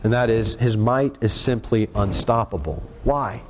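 A man preaching a sermon in an earnest, emphatic way, reading scripture aloud and slowing down on the words he wants to stress. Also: on the low side, slight background noise.

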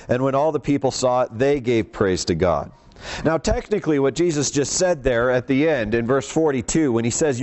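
A man's voice: a little high, darkish tone. A man preaching a sermon, reading scripture aloud and explaining it in a conversational way. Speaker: pastor.

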